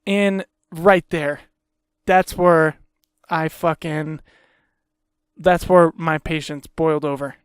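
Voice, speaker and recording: A man's voice: a little high, steady tone, takes it slowly, long pauses, clean tone, no room sound, clean studio sound. A man hosting a podcast, ranting heatedly in a casual, profane way and repeating himself. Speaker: podcast host.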